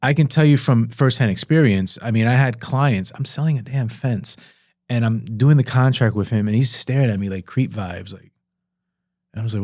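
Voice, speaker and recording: A man hosting a podcast in casual conversation, animated and playful, often jumping into goofy higher voices when he quotes himself. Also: brisk, dry recording, studio quality. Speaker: podcast host and fence sales director.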